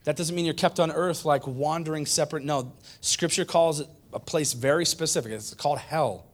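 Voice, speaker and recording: A man's voice: on the high side, normal speed. A male pastor preaching a conversational sermon, repeating points for emphasis. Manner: conversational, emphatic repetition, animated.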